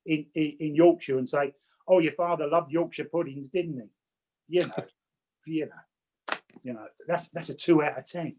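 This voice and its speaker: A man from England talks to a class over a video call in a slightly high voice. He is chatty and direct, and he often stammers and restarts his sentences. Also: fairly even intonation, moderate pace, darkish tone, poor audio. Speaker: spiritualist medium teaching. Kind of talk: online teaching talk with anecdotes.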